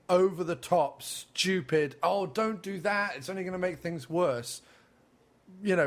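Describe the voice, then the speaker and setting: Blunt, scornful man. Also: on the high side. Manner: blunt, scornful film criticism with swearing. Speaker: film podcast co-host. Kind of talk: casual chat.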